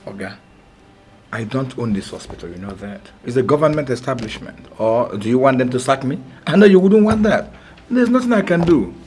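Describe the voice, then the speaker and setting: A man's voice: medium pitch, lively intonation, fairly quick, a little mellow, lightly acted. A man with a Nigerian accent playing a businesslike hospital doctor who demands a deposit. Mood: firm. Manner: businesslike, firm. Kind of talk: Nollywood film acting.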